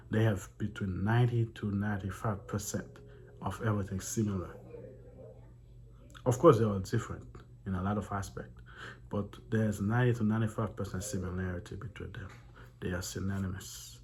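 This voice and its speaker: A man's voice: on the low side, darkish tone. A man hosting a Bible study series, reading a book aloud and breaking off to mock the text with laughs and sighs. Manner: laughs and sighs between passages. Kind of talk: reading aloud with running commentary.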